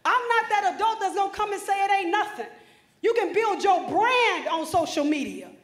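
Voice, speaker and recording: A woman motivational speaker on a conference hall stage speaks to students with an extremely high pitch, expressive delivery, and moderate pace. Her speech is emphatic and preacherly, addressing them directly, and the hall sounds echoey.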